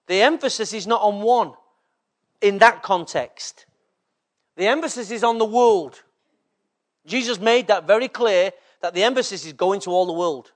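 A man's voice: high-pitched, moderate pace, pauses often. A man from England preaching a sermon as a pastor, often checking in with the congregation through short rhetorical questions.

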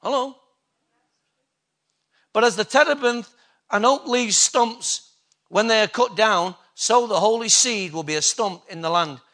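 A man's voice: high voice, unhurried, pauses often, pushed and bright. A man preaching a sermon, emphatic and full of rhetorical questions to the congregation.

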